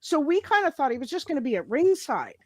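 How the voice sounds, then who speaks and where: A woman's voice: high voice, big pitch swings, fast, over a noisy crowd. A woman co-hosting a podcast in casual chat, rambling and agreeable as she steers the topic. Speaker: podcast co-host.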